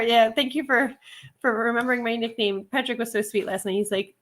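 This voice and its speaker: A woman's voice: on the high side, brisk, a bit bright. A middle-aged woman chatting casually on a livestream, reading viewer comments, laughing often and wandering into asides. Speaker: livestream host, reseller.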